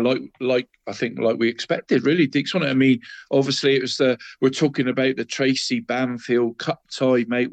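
A man's voice: medium pitch, no room sound. A man hosting a local football roundup, a bit bunged up from a cold, rambling and calling his co-host "mate" at every turn. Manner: rambling, says "mate" and "Deeks" constantly. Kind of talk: casual radio chat.

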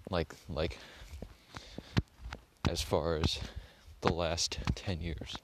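Low-voiced young man rambling. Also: steady tone, drawn-out words, heavy background noise. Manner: rambling, swears a lot, heavy use of "like". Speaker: vlogger. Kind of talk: casual rambling vlog.

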